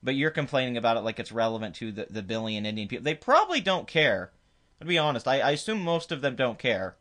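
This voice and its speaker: A man hosts his own commentary video in a mid-range, fairly bright voice, talking fast and very animatedly. He rants emphatically and dismissively, often restarting his sentences in an opinionated commentary rant.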